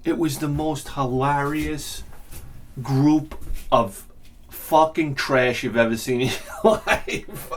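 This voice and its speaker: A man's voice: mid-range voice, steady tone, slow pace, a little hiss or hum. A man hosting his show, telling a profane story in a casual rant and laughing along with it. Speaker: host.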